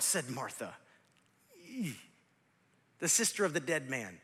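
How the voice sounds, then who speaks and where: A man in his forties preaching a sermon, swinging from loud shouts to near whispers, with joking asides to the congregation. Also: medium pitch, big pitch swings, slow pace, long pauses, breathy edge, big-room sound. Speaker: pastor.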